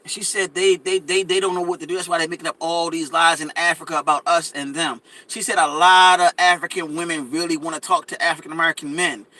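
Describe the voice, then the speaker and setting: A man with a high, light voice holding forth in casual podcast talk. He is emphatic and repetitive, stacking restarts and stutters as he tells a story and heats up. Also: little pitch movement, quick pace, hardly any pauses, sharp tone, dry recording, rough recording. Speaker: podcast co-host. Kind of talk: casual conversational commentary.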